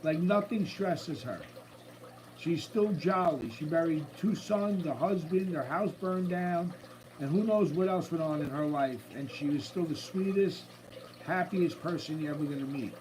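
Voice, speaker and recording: A man with a high-pitched voice hosts a relaxed live stream from his room at home, chatting upbeat and easy with his viewers. A tank's running water trickles faintly behind him. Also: measured pace, a little hiss or hum, poor audio. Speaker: livestream host. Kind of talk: casual live-stream chat. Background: faint running water from a tank.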